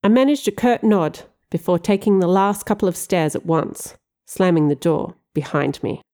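A woman narrating a first-person audiobook in a wry, expressive storytelling manner. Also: fairly low pitch, moderate pace.

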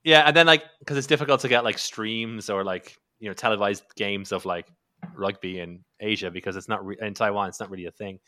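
Dude rambling on a podcast, bright tone, keeps restarting himself. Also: male voice, on the low side, a little fast. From Ireland. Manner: rambling, many fillers and restarts, laughs often. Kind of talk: casual podcast chat.

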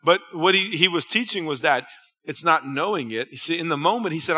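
Male pastor, casual storytelling sermon, tense bright tone, reverberant church hall. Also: fairly high pitch, lively intonation, fairly quick. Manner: conversational preaching, storytelling with restarts.

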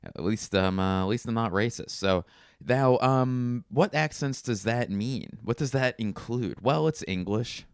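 A man hosting a comedy podcast, rambling through deadpan absurd asides. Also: medium pitch, measured pace, vocal fry, clear, resonant tone, no echo, clean studio sound. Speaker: podcast host.

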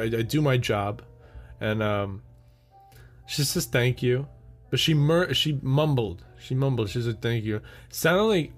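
Young guy ranting alone into a podcast mic, laughs at himself, swears a lot, faint music under it. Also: medium pitch. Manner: rambling, laughs at his own jokes, swears casually. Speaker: podcast host. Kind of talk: solo rambling podcast monologue.

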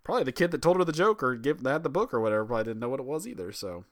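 Animated man telling stories with laughs. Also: mid-range voice, very fast. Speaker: podcast co-host. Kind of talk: casual comedic chat.

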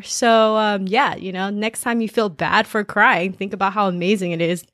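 A woman co-hosting a casual chat, bubbly and quick to laugh. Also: medium pitch, a bit bright, no echo, clean studio sound.

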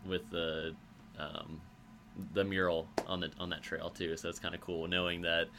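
A man hosting a casual interview, relaxed and agreeable, often answering with "yeah". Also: low voice, moderate pace, creaky, background noise. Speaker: interview host.

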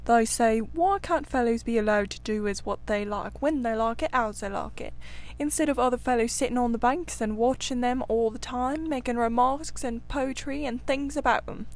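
A woman voicing a good-natured, cheerful male water rat in a storybook reading, talking briskly and warmly. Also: fairly high pitch, close to an everyday voice.

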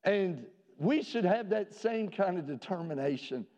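Male pastor, fairly high voice, earnest sermon delivery, dull reverberant sanctuary sound. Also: animated, a little mellow. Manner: earnest preaching with rhetorical questions, slowing for emphasis. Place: church sanctuary. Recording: dull reverberant church recording.

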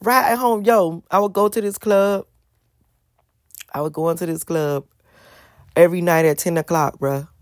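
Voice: mid-range voice, fairly even intonation, moderate pace, long pauses, no room sound, studio quality. Blunt, profane vlogger telling a life story. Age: adult with school-age kids. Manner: blunt, profane, emphatic repetition. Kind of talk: casual storytelling monologue.

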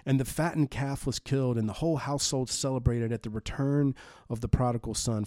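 A man preaching a sermon in an earnest, measured way, slowing down to stress key phrases. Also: mid-range voice, warm tone, no room sound, studio quality. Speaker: pastor.

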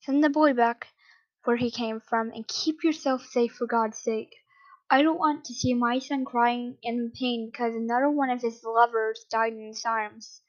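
A woman's voice: a little high, fairly even intonation, a little slow, dull audio, lightly acted. A woman reading aloud, voicing a stern, tired father who is protective and harsh.

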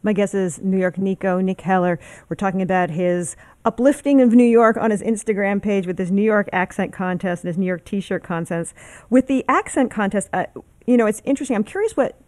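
A woman's voice: mid-range voice, a little fast, a little mellow, no echo. A woman hosting a radio interview, conversational and inquisitive. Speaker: radio host.

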